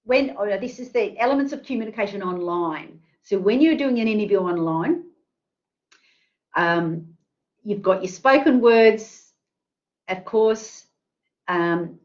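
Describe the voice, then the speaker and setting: A woman's voice: medium pitch, a little mellow, dull audio. A woman presenting an online careers workshop, chatty and full of fillers, asking the audience questions. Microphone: video call.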